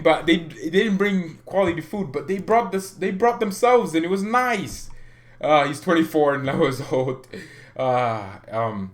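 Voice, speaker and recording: A man hosting a fan channel livestream, talking casually and animatedly, often laughing, with his voice jumping up when he gets excited. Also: fairly high pitch.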